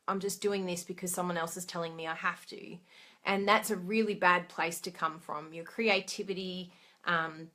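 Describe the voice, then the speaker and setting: A woman talks straight to camera in a casual, encouraging way, often turning to questions for the people watching. Her voice sits a little low but sounds bright and forward. She chats like a friend and laughs at her own mistakes. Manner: chatty and encouraging, laughs at herself, asks listeners questions. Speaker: trainer for craft product demonstrators. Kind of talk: casual motivational talk to camera.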